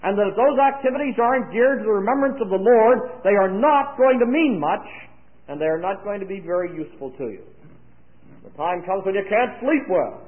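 High-voiced preacher on a tinny recording. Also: male voice, lively intonation, fairly quick. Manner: dry humorous asides. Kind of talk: sermon. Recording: tinny lo-fi, phone-like sound.

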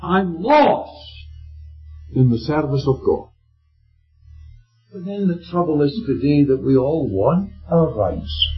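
A man preaches with an expressive voice on the high side, speaking slowly and pausing often. He delivers his sermon emphatically and asks questions to check in with his listeners, captured on a dull lo-fi recording with faint music.

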